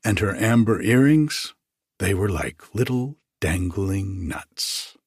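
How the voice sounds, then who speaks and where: A man narrating a literary story in a measured, expressive storytelling manner. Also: fairly low pitch, husky, no room sound, studio quality. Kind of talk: scripted narration.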